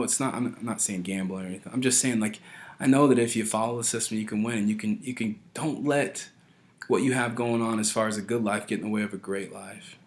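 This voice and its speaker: A man in his thirties talking casually and earnestly to his followers, rambling and pressing his points harder as he goes. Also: medium pitch. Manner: earnest, rambling, keeps asking "right?"; grows forceful when stressing a point. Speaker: vlogger addressing followers. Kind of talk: casual direct-to-camera talk.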